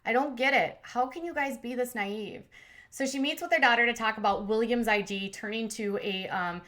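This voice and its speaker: Bright, chatty woman recapping reality TV. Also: fairly high pitch, moderate pace. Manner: opinionated, chatty, acts out quotes in voices. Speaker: commentary channel host.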